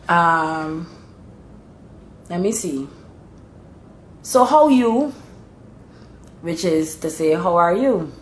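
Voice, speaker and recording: A woman's voice: low voice, slight background noise. Barbadian woman explaining in a roomy space. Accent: Bajan (Barbadian). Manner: explains patiently, bursts brighter when mimicking local speech. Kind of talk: casual explanatory chat. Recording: roomy echo.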